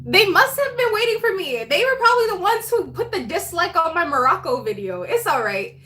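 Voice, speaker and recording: A woman's voice: extremely high pitch, very animated, fairly quick, pushed and bright, slight background noise. A woman hosting a casual livestream, chatting and laughing as she greets viewers by name. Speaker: livestream host. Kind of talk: casual live chat with viewers.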